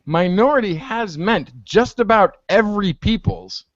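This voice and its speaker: A man chatting on a video call in a lively, up-and-down voice that sits a little high for a man, acting out the conversations he retells. The call audio is dull and lo-fi, and the sound is dry with no room in it. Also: a little slow, dry recording. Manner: animated storytelling, acts out quoted exchanges. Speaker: hangout panelist. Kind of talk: casual group video chat. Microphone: computer mic on a video call.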